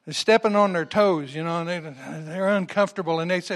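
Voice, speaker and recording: A man preaches a sermon in a high voice, retelling stories in a folksy way. He often calls on the congregation to answer back, with frequent restarts as he goes. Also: brisk, hardly any pauses.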